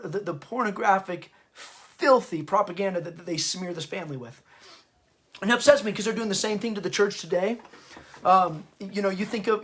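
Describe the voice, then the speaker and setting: A high-pitched man talks through history off the cuff, plainly stirred up by it. He often halts, repeats a word and starts over before pushing on with his point. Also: a bit bright. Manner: impassioned, stirred up; halting, often stops and restarts. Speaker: host and parenting author. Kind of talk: unscripted history talk.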